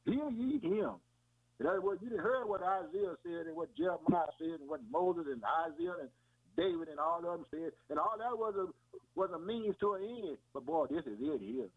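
A very animated man whose voice sits high preaches a casual, folksy sermon a little fast, repeating points and calling listeners "man" and "boy." The recording has a tinny quality, like radio over a phone.

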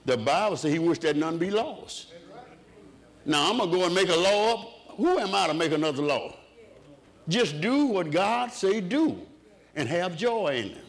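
Lively-pitched man preaching in rhythmic calls. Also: moderate pace. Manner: rhythmic preaching with call-and-response questions. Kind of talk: sermon.

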